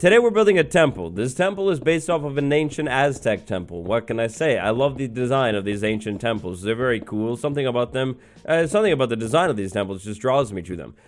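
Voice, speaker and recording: A man's voice: medium pitch, lively intonation, fast, few pauses. Young male let's-play host, medium voice, rambling and jokey; casual gameplay commentary. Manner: rambling, joking, full of fillers and mock-innocent asides.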